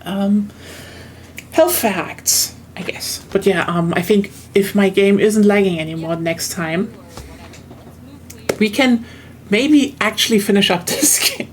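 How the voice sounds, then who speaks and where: Woman, German accent, young adult, streamer, rambling casual chat, middle pitch, faint background hum. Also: slow. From southern Germany. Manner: rambling, many fillers and restarts. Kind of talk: casual chat while gaming.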